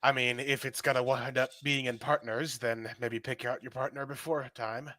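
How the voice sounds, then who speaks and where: A man's voice: medium pitch, steady tone, moderate pace, sharp tone, no echo. Man, tabletop player, wry tone, dry close sound. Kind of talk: in-character tabletop role-play.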